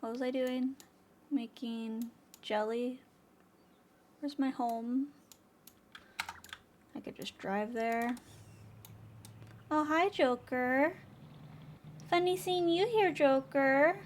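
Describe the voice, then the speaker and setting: A woman's voice: high-pitched, very slow, pauses often, a little hiss or hum. Giggly young woman chatting on a stream. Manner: chatty, giggly, reads and answers chat aloud. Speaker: livestream host. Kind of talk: casual stream chat. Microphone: desk microphone.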